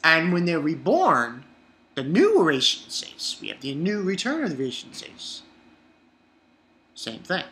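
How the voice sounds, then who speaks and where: A man talks through an anime episode in a loose, rambling way. His voice is bright and forward, and he drops in profane jokes and little chuckles. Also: a little high, wildly swooping pitch, measured pace, pauses often. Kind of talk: casual rambling review.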